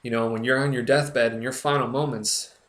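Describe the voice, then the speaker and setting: A young man blogs earnestly to camera in a personal vlog, emotional and recovering, halting and restarting often. His medium-pitched voice is steady and a bit bright, and the room is echoey.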